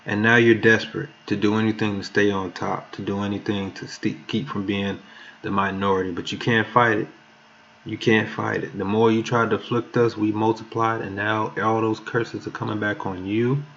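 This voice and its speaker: A man's voice: fairly low pitch, level tone, normal speed, vocal fry, fairly bright tone, slight background noise. A man preaching a sermon who reads verses aloud with emphasis and stumbles over words now and then. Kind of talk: sermon with scripture reading. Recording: muffled lo-fi recording.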